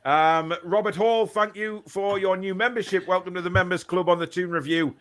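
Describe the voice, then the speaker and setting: A man's voice: sits high, fairly even intonation, moderate pace, a bit bright. A man with a Geordie accent co-hosting a casual banter show, teasing his co-host and reading out viewer comments. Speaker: podcast co-host.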